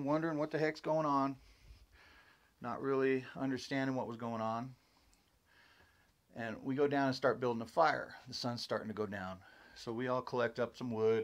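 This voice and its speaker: A man casually telling a story about something that happened to him, rambling and animated as he goes. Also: medium pitch. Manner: rambling and animated, acts out others' exclamations. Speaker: storyteller recounting his own encounter.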